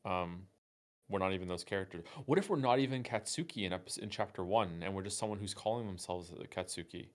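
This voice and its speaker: A man with a gravelly voice chatting casually over a voice call, often stammering and repeating words. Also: sits low, fast. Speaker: co-host on a voice call. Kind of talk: casual chat.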